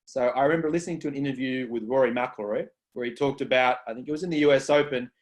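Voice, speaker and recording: A man's voice: medium pitch, fast. Earnest man explaining on a podcast. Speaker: co-host. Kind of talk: casual podcast chat.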